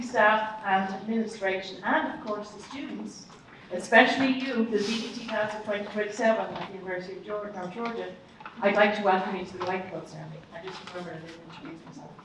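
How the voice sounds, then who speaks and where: A woman department head giving a formal, measured welcome address at a ceremony. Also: mid-range voice. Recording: echoey hall, distant mic, faint noise.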